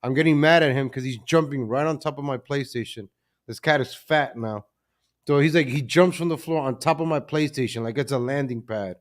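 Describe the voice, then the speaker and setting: A man's voice: mid-range voice, fairly quick. Chatty man hosting a home livestream. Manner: chatty, easily distracted, repeats himself. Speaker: livestream host. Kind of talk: casual live-stream chat. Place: home room at his computer. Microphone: desk microphone.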